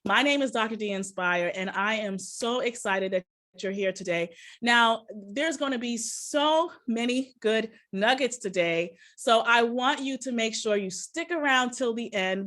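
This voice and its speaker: An upbeat woman with a fairly high voice leads an online business workshop from her office. She talks straight to her viewers and keeps the energy hyped, breaking into cheers and snatches of song at times. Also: fairly bright tone. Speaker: workshop presenter and business coach.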